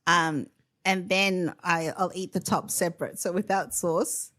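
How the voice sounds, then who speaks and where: A woman's voice: fairly low pitch, unhurried. A woman, a podcast guest, telling family stories in casual chat and laughing often. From Australia. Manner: animated storyteller, laughs often.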